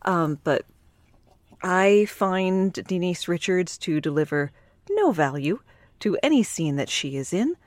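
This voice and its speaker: A woman's voice: fairly low pitch, animated, measured pace, a little mellow, no room sound. A woman co-hosting a casual movie recap podcast, with blunt, sarcastic put-downs. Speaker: podcast co-host.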